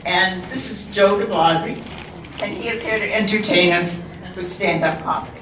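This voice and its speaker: A host at a retirement residence event, slowly announcing news for residents and introducing the next performer. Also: mid-range voice. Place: community room of a retirement residence. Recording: echoey room, distant mic, background noise.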